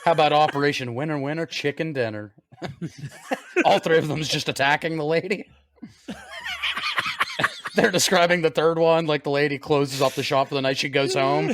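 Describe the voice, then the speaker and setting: A man in his thirties co-hosting a podcast, laughing a lot and retelling scenes with animated energy. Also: a little high, unhurried, pauses often, background noise. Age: 30s. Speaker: podcast co-host. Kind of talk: casual chat.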